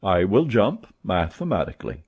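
An unflappable, precise English gentleman, as a male reader puts him on, speaking in a lowish husky voice with steady composure. The recording sounds dull and lo-fi. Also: heavily acted. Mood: calm. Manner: calm, measured, unflappable.

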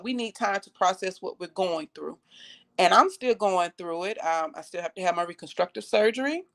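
Young woman, mid-pitched voice, earnest live-stream testimony, repeats for emphasis. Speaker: cancer survivor sharing her story.

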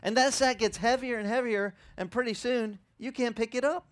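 A middle-aged male pastor giving a sermon, telling stories in an animated way and acting out the dialogue. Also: very high-pitched, moderate pace. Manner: animated storytelling that acts out dialogue.

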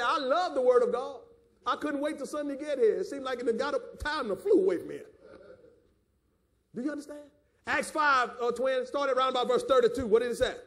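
A man with a Southern American accent preaching a fiery sermon, breaking into shouts and call-and-response with the congregation. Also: very high voice. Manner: Southern preacher cadence with calls of "my God" and "do you understand". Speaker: pastor.

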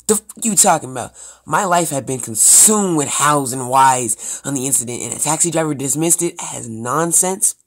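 A man's voice: medium pitch, moderate pace, hardly any pauses, a bit bright. A young man reading a story game aloud, breaking off into joking, rambling asides. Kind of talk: let's play commentary.

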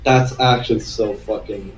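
A man chatting casually while playing a game, quick excited reactions and swearing. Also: lowish voice, over loud music, rough recording. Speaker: gamer. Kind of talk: casual gameplay chat.

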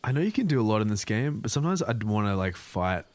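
A man's voice: fairly low pitch, very animated, fast. A man co-hosting a casual chat while he plays a game, easygoing and hesitant, full of restarts. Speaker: podcast co-host playing the game. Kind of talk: casual chat over gameplay.

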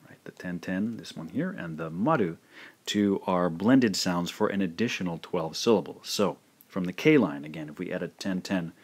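A man teaching a recorded language lesson, carefully modelling each syllable slowly and repeating it twice. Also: sits low, husky.

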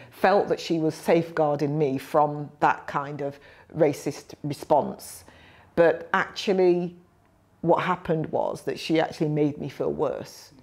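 A woman in her fifties with a low voice tells her stories reflectively. She is animated and acts out the people she quotes. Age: 50s. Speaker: guest, nursing professor. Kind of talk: reflective storytelling.

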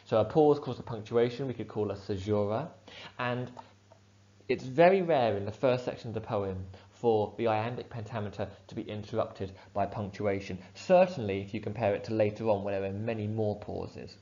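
Male teacher, low voice, steady explanatory delivery, dull-sounding recording. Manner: clear, measured explanation with fillers. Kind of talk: poetry analysis lesson.

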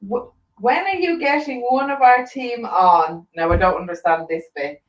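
A woman's voice: a little high, normal speed, echoey room, distant mic, muffled recording. A woman co-hosting a casual live-stream chat, reading out comments and making dry, teasing remarks.

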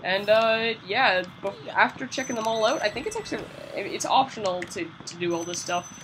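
A woman with a mid-range, expressive voice talks at a moderate pace over a noisy background. She's a video game let's-player giving casual, chatty commentary, often mocking herself and urging herself on. When the pressure rises, she keeps saying "come on."

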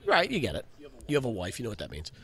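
A man in his forties hosting a casual podcast chat, telling a personal story in an animated, slangy way. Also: mid-range voice, very fast. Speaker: podcast host.

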